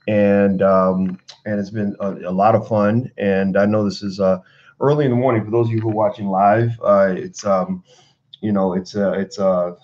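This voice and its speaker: Rambling low-voiced man in his forties. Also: darkish tone, muffled recording. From Kentucky. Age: 40s. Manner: rambling, motivational, many fillers. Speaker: motivational vlogger. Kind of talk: casual livestream talk. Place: home, indoors at a computer.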